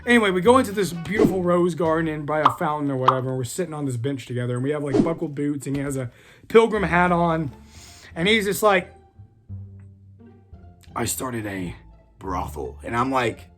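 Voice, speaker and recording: A man's voice: on the high side, fast, a bit bright, soft background music. Rambling man telling a story. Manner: rambling, many fillers, profane. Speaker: storyteller vlogger. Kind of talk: casual storytelling.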